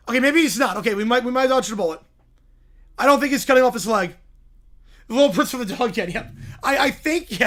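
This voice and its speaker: A man hosting a livestream, making casual, wry asides that build into excited disbelief while reacting to videos. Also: very high-pitched.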